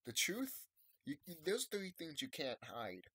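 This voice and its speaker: Slightly high and a little slow, his pitch swoops wildly, and the tone is a bit bright with a breathy edge on a dry recording. He's a YouTuber in his thirties rambling casually and emphatically to subscribers, often repeating himself in an unscripted monologue.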